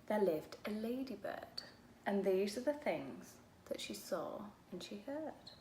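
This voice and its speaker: Slow storytelling woman in an echoey room. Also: medium pitch, lively intonation, a little mellow. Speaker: children's book reader. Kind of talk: reading a picture book aloud. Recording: echoey room with faint background noise.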